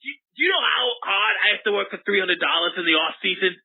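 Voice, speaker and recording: A man voicing a gruff, foul-mouthed baseball mascot who calls in to a comedic advice show, combative and rambling. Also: high-pitched, animated, fast, narrow, tinny audio, heavily acted. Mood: aggrieved. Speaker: caller.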